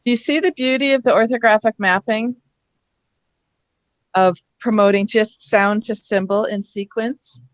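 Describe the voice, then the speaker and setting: A woman's voice: a little high, fairly even intonation, unhurried, dry recording. A woman leading a reading workshop for teachers, explaining letters and sounds step by step.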